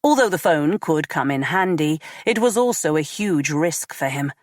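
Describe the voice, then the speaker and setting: A woman narrating a crime audiobook in a measured, even read. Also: low-pitched, dry recording, studio quality.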